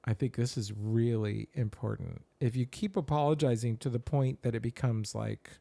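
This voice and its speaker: Creaky-voiced middle-aged man explaining points. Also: medium pitch, fairly even intonation, moderate pace, dark tone. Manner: walks through numbered points, explaining each. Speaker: podcast co-host. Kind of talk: casual conversational podcast.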